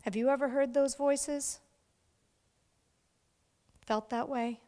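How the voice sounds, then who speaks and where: A woman's voice: high-pitched, fairly even intonation, slow, mellow, in a large hall. A middle-aged woman giving a storytelling speech to an audience, acting out the voices of the people she quotes. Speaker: keynote speaker. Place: large event hall.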